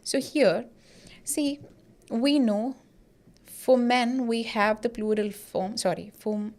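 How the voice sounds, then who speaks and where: A woman teaching pronunciation, explaining in a slow, deliberate classroom manner and often checking in with "okay?" and "got it?". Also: a little high, steady tone, a little mellow.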